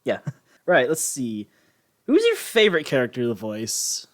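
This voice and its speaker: A man hosting a casual interview, asking relaxed questions, laughing along and following up quickly. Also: mid-range voice. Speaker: interview host.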